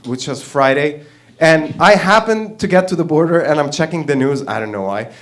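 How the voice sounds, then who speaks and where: A man doing stand-up on an open mic stage, voice sitting a little on the high side. He rambles, swears freely and keeps laughing at his own jokes. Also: expressive, normal speed, fairly bright tone. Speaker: stand-up comedian. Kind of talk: stand-up routine.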